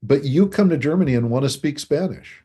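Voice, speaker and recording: A man speaking as a guest author in a podcast interview, animated, acting out what people say and chuckling between points. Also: on the high side, a little fast, a little hiss or hum. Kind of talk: conversational interview.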